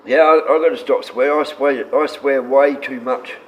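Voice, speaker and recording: A man's voice: mid-range voice, normal speed. A blunt Australian man in his sixties, chatting loosely on a live stream, reading comments and talking to his dogs. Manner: blunt, rambling, reads chat aloud and talks to his dogs. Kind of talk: casual live-stream chat. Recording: dull lo-fi stream audio with faint noise.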